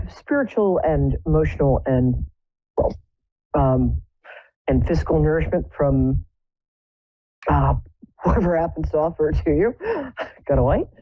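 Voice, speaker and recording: A woman's voice: low voice, slightly rough, no echo, muffled recording. A woman hosting a live psychic show, chatting casually with wry, self-mocking jokes. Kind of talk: casual chat. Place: indoors, home.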